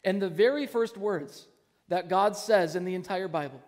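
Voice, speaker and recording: A man preaching a sermon to his congregation. He is animated, uses frequent fillers when telling stories, and leads the room in call-and-response. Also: sits high, normal speed, in a large hall. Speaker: pastor. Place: church sanctuary.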